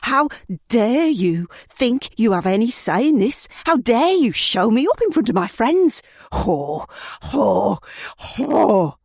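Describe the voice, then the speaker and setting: A woman's voice: deep voice, takes it slowly, warm tone, breathy edge, no echo, exaggerated voice. Audiobook villain: raging abusive young man, harsh screams and hissed threats, dry close sound, a woman reading him. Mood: screaming. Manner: screaming insults, then cold hissing threats. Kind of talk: audiobook narration.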